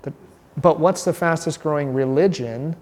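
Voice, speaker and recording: A man, a pastor, teaching a catechism class in a lively, chatty way and asking the group questions. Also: on the high side, moderate pace, long reverb tail.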